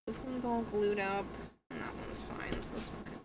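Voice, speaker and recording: With music in the background, a young woman whispers through a casual livestream as she works on her cosplay. Her mid-range voice holds a steady tone at a moderate pace while she tells stories, laughs and swears freely.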